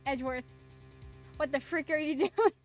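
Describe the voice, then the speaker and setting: A woman streaming a video game, reacting with giggly, loud outbursts in casual commentary. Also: high voice, normal speed, faint music behind.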